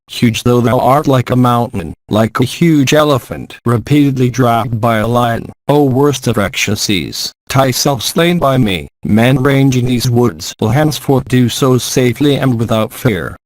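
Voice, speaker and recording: A man's voice: mid-range voice, unhurried, hardly any pauses, no room sound, close to an everyday voice. A man reading aloud as a mighty, boastful young warrior hero, speaking in archaic, declamatory phrases.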